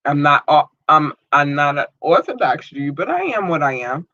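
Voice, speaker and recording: A woman's voice: low voice, sing-song, normal speed, sharp tone, dry recording. A woman hosting a podcast, ranting in a blunt, profane, fired-up way, with dull lo-fi sound. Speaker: podcast host. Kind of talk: live podcast rant. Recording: dull lo-fi audio.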